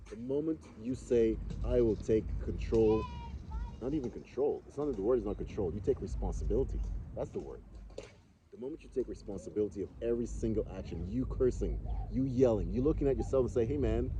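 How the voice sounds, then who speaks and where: The recording, noisy in the background, features a male podcast co-host with a warm, medium-pitched voice. He speaks casually but with earnest, philosophical weight, repeating phrases for emphasis.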